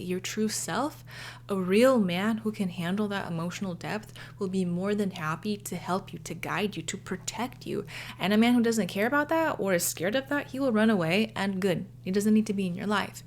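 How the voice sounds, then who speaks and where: A woman speaking as a relationship coach, telling a personal story and giving advice to the camera in an earnest, soft-spoken way. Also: fairly low pitch. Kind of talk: direct-to-camera advice talk.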